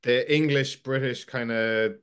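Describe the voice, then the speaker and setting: Easygoing podcast host. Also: male voice, mid-range voice, steady tone, a bit bright, smooth. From Ireland, Cork. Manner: easygoing, halting questions. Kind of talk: conversational interview.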